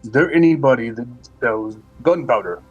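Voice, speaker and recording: A man's voice: mid-range voice, moderate pace, husky, lo-fi sound, soft background music, lightly acted. A man doing a boastful, blunt warrior. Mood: proud. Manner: blunt, clipped and proud. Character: boastful, simple-minded male warrior.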